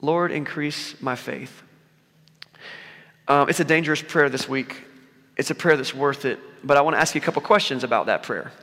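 A man's voice: fairly high pitch, normal speed, a bit bright. A man preaching a sermon to his congregation in a casual, conversational way, with loose fillers and easy laughs. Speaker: pastor. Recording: long hall reverb.

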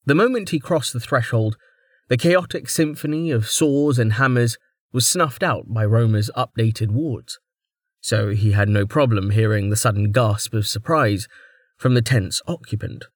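Guy reading an audiobook, normal pitch, dry close mic. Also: measured pace, no echo. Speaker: audiobook narrator. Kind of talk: scripted audiobook narration.

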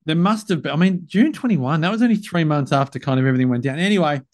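A man's voice: fairly high pitch, lively intonation, quick pace, darkish tone. A man hosting a podcast in a chatty, upbeat, loose way. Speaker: podcast host. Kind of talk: casual podcast chat.

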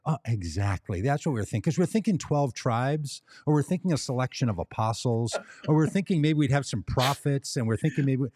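Give me a podcast co-host with a warm, relaxed voice recorded dry and close. He argues his point in loose, casual talk and throws in mock voices for the people he quotes. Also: medium pitch, fairly quick, hardly any pauses, no room sound. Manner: argumentative, acts out quoted speakers in mock voices. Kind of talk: casual political discussion.

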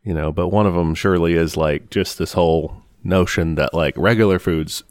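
A man's voice: deep voice, steady tone, normal speed, darkish tone, dry recording, clean studio sound. A man co-hosting a casual podcast chat, rambling and hedging with "you know" and "I don't know". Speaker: podcast co-host.

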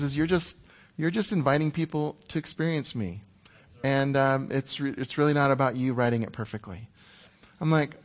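A middle-aged man preaching a sermon in a conversational, playful way, dropping to a hushed voice when he quotes God. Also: a little high.

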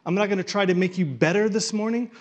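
A man's voice: sits high, fast talker, lo-fi sound. A male pastor preaching a sermon to a church congregation, conversational and then building to emphatic points.

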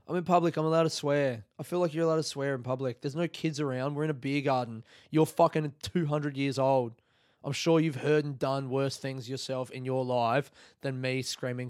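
A man's voice: medium pitch, normal speed, clear, resonant tone, dry recording, studio quality. An Australian man hosting a podcast alone, telling stories casually with lots of swearing and getting worked up as he talks. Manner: sweary, animated storytelling, gets worked up. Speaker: podcast host. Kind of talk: casual solo podcast monologue.

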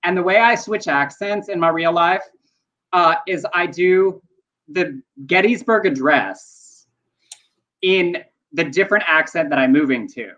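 A man co-hosting a podcast, chatting about the news in a campy, playful way with quick asides. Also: high voice, sharp tone. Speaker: podcast co-host. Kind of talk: casual news chat. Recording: dull lo-fi sound.

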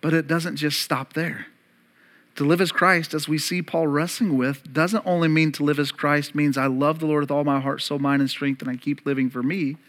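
A man in his thirties delivers a sermon as a pastor, with a bright, forceful tone that sits a little high for a man. He swings from loud, climbing emphasis to quiet, low passages and gets the congregation to repeat words back to him. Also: fairly even intonation, moderate pace. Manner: emphatic, climbs louder and higher, then drops to soft and low.

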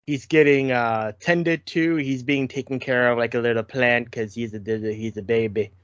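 A man's voice: mid-range voice, normal speed, no echo, dull audio. A man co-hosting a podcast, chatting casually and laughing often as he recaps a series of shorts. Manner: animated, laughs often, restarts a lot. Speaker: podcast co-host.

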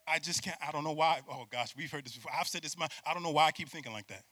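A man delivers a church sermon in a bright, ringing voice set a touch high. The sound is dry and close. He swings from hushed asides to loud, emphatic peaks and has the congregation repeat words after him. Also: rapid-fire, no room sound. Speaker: preacher.

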